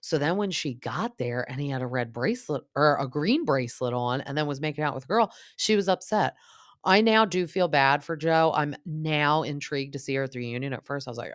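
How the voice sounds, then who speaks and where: A woman's voice: low-pitched, fairly quick, dry recording, clean studio sound. A woman hosting a podcast, giving an opinionated, casual recap of reality TV and acting out what cast members said. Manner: chatty and opinionated, lots of fillers; mimics cast members in quoted asides. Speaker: podcast host.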